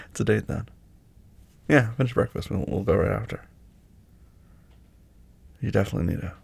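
A young man in a one-sided boyfriend role-play, talking to the listener in a gentle, teasing, affectionate way. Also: lowish voice, measured pace, creaky, pauses often, breathy edge.

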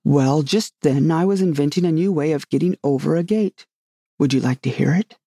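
A reader voicing a solemn, rambling knight who loves his inventions, speaking gravely and earnestly in a storybook reading. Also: mid-range voice, moderate pace, mellow, dry recording, studio quality, natural voice.

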